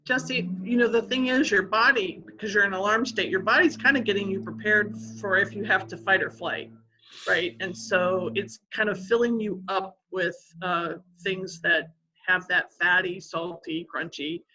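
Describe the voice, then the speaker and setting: A woman's voice: mid-range voice, steady tone, normal speed, bright, forceful tone, highs cut off. A woman taking part as a panelist in an online community discussion, talking in a friendly, conversational way with fillers, heard through a video call.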